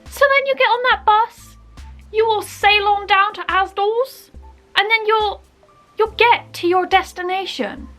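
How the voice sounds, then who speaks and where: A woman's voice: very high-pitched, a little slow, sharp tone, soft background music. A young woman with a Bristol accent, hosting a playful, jokey explainer vlog. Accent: Bristol English. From Bristol, England. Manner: playful, jokey, puts on exaggerated local phrases. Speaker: vlogger.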